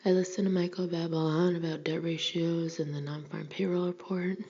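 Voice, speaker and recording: In a whispered audiobook reading, a woman narrates a first-person novel in an intimate, wry manner. Her lowish voice shows little pitch movement at a normal speed, captured on a dull lo-fi recording with faint hiss.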